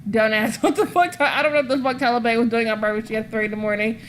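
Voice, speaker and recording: A woman's voice: a little high, fairly even intonation, rapid-fire, slight background noise. A woman hosting a podcast, telling rambling stories in casual chat, swearing freely and laughing often. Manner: rambling, profane storytelling. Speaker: wrestling podcast host.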